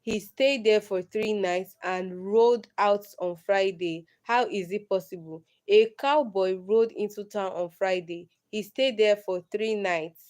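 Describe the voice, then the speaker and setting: Slow-talking woman reading riddles. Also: mid-range voice, darkish tone. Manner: slow, reads riddles aloud and answers them herself. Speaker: livestream host. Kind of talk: casual solo livestream reading riddles.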